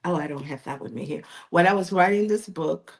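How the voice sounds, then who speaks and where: A woman's voice: lowish voice, fairly quick, creaky. Emotional middle-aged woman telling her story. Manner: emotional, tearful at times, laughing, repeats herself. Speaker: author and magazine editor.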